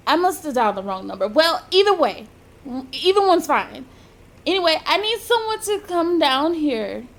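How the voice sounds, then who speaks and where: A woman's voice: high-pitched, sing-song, normal speed, voice pushed up. A woman voicing a frantic teenage girl calling for help in an anxious, urgent, raised voice.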